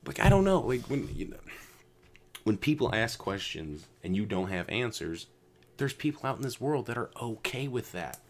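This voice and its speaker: A man hosting a casual podcast, ranting with lots of swearing, jumping between loud outbursts and low mutters. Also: animated, moderate pace. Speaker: podcast host.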